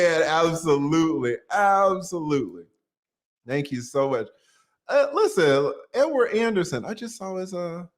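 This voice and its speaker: A man hosting a livestream, joking and laughing often as he reads viewer super chats aloud in casual chat. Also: a little high.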